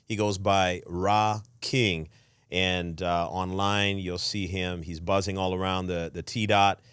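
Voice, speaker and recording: Easygoing low-voiced man hosting. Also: flat delivery, slow pace, fairly bright tone, smooth, dry recording. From Toronto, Canada. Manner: easygoing, repeats words when starting questions. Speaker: podcast host. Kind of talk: casual interview hosting.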